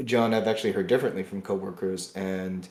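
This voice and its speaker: Male podcast co-host, heated political ranter, loud then muttering, roomy echo. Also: low voice, steady tone, fairly quick. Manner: angry, swings between loud bursts and muttering, restarts often.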